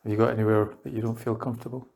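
A man's voice: on the low side, level tone, very fast, vocal fry, a little mellow. A man hosting a podcast, asking brief questions and reacting in a casual interview. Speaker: podcast host.

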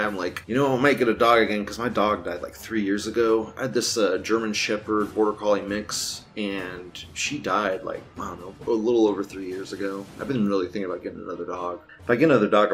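A young man hosting a casual commentary show, rambling and crude, laughing often. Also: lowish voice. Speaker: show host.

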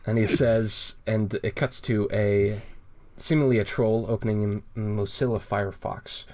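Man, lower register, casual co-host; rambly, hesitant, laughs often. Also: fairly even intonation, unhurried, a little mellow. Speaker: co-host reviewing a web comic. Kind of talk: casual chat.

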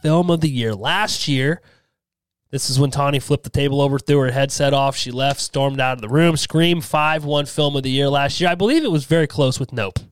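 A man's voice: medium pitch, normal speed, clean tone, no room sound. A man hosting a casual podcast, announcing results with teasing, joking asides. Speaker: podcast host.

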